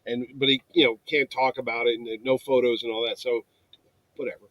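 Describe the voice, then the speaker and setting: A New York man in his fifties, a convention producer, tells stories in casual chat and acts out the voices of people he quotes. He speaks at a medium pitch, a little fast, and the audio is poor with no room sound.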